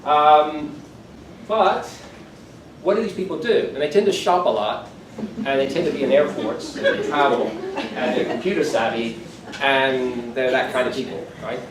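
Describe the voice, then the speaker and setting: With a medium-pitched voice and a slightly slow pace, this man in his sixties gives his keynote lecture conversationally, dropping self-deprecating remarks along the way. A crowd can be heard behind him, and the far-off recording captures an echoey hall with faint room ambience.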